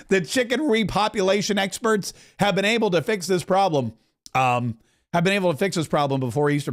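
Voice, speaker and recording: A man hosting a political commentary podcast, talking in a joking, rambling way with chuckling asides. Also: fairly high pitch. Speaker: podcast host.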